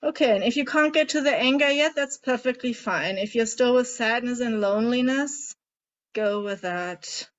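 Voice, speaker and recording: A woman with a somewhat high voice leads a group through tapping and emotional release work. She talks gently and coaxingly, asking one guiding question after another. The recording sounds muffled and lo-fi, like an online call. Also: normal speed. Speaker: emotional eating coach leading a group session.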